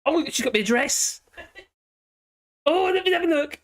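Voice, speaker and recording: A hoarse man hosting a live stream, chatting in a rambling, cheeky way and giggling often. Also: very high-pitched, animated, moderate pace. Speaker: livestream host. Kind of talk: casual live-stream chat. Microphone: headphones with a small speaker.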